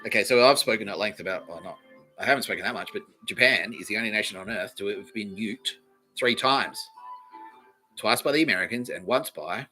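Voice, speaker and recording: Aussie guy ranting on his podcast, swears a lot, bright sharp voice, faint music behind. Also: fairly low pitch, fairly quick. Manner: profane, animated, ranting, laughs often. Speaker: podcast host. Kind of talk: rambling solo podcast monologue.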